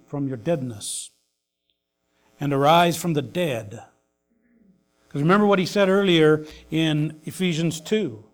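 A male pastor preaching a sermon, swinging between emphatic loud lines and hushed soft ones. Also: fairly high pitch.

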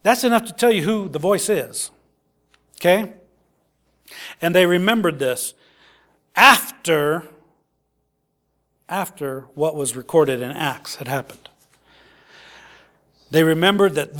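A middle-aged man delivering a sermon with a notably high-pitched voice. He talks conversationally and often doubles up his words. He acts out the quoted lines as he reads them. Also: animated, takes it slowly, pauses often, fairly bright tone. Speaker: preacher.

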